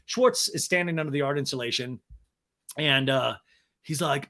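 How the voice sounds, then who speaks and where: A man's voice: mid-range voice, normal speed, long pauses, bright, forceful tone. A man hosting a podcast, giving a comedic recap with sarcastic asides. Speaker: podcast host. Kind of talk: comedic recap of a reality show.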